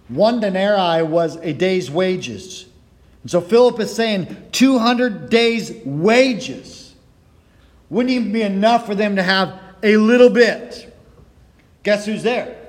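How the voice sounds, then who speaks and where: High-voiced excitable preacher in a reverberant hall. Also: male voice, measured pace. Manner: excitable, words run together when fired up; storytelling with playful voiced quotes. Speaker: pastor. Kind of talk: sermon.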